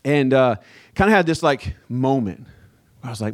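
A male pastor preaching a sermon as a relaxed, conversational personal story. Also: medium pitch, moderate pace. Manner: casual, conversational storytelling with fillers.

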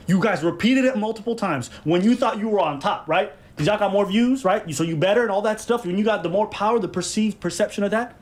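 Man, podcast co-host, fast talker, a bit high-pitched, emphatic, repeats himself for emphasis. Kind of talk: heated podcast commentary.

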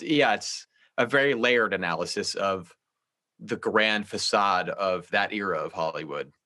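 A man's voice: on the low side, sharp tone. A man on a podcast panel analyzing a film in a rambling, analytical way, full of hedging words. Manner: analytical, rambling with "sort of" and "like" hedges.

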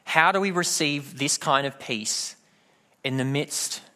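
Casting: male pastor, slightly high voice, storytelling sermon delivery. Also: slow pace, pushed and bright. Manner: storytelling, acts out quoted voices.

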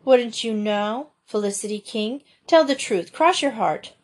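A woman's voice: fairly high pitch, measured pace, pitched above the performer's own voice. A woman doing a blunt, bitter storytelling girl. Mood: dreary.

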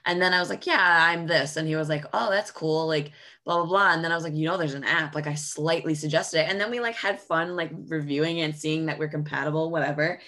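A young woman co-hosting a podcast, telling a dating story in casual chat, lively and full of fillers. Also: low-pitched, fast talker. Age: 20s. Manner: animated storytelling, filler-heavy. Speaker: podcast co-host.

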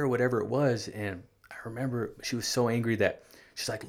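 A man with a very low, gravelly voice shares his life story as a guest in an interview. He speaks earnestly and haltingly, with frequent restarts and fillers. He grew up in California.

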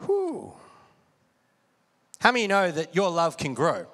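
High bright-voiced preaching man. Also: a little fast. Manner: energetic preaching, call-and-response with congregation. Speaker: pastor. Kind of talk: sermon. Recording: long hall reverb.

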